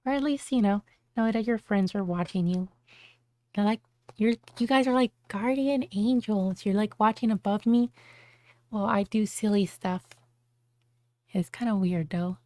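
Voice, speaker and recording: A woman's voice: medium pitch, moderate pace, pauses often, a little mellow, dry recording. A woman streamer chatting casually on a live stream, bubbly, with cutesy baby-talk words.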